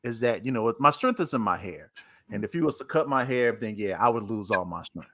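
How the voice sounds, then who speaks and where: A man doing a deep, lazy-drawling strongman. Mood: smooth. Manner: slow, low, relaxed drawl. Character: strong young man, laid-back, teasing his lover.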